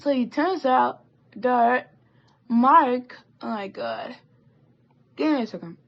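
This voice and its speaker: A teenage girl telling a rambling, animated story while doing her makeup, with swearing and asides. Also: fairly high pitch, takes it slowly, creaky, dull audio. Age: teens. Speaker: vlogger. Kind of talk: chatty get-ready-with-me story time.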